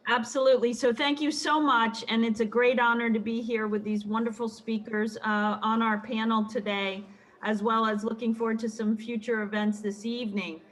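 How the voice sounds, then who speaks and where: A woman's voice: a little high, level tone, normal speed, poor audio. A woman introducing herself as an event organizer on a panel, enthusiastic and calling in remotely. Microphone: remote call.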